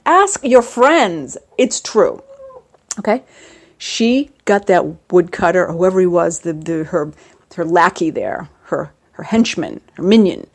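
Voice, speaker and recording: A middle-aged woman in a rambling, jokey casual monologue, her voice jumping up for emphasis. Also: darkish tone. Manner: rambling, jokey, with sudden rises in pitch for emphasis. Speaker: vlogger.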